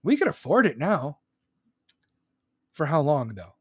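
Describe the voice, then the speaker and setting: A man with a high voice rants in anger, swearing constantly and dripping with sarcasm. The sound is dry and close, with no room echo. He sounds worked up and seething throughout. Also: very animated, measured pace, slightly rough. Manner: profane, heated, sarcastic. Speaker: streamer ranting. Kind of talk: angry political rant.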